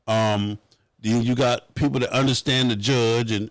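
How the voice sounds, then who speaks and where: Brief: Southern man, talk show host, animated, profane, dead dry sound. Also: medium pitch, fairly quick, no echo. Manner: animated, profane, mock-pleading bits. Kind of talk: casual opinion talk show.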